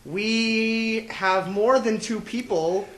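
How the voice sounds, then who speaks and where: A man's voice: sits high, extremely slow, a bit bright, slight background noise. A young man hosting a casual podcast, joking, laughing often and tripping over his words. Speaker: podcast host. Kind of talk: casual chat.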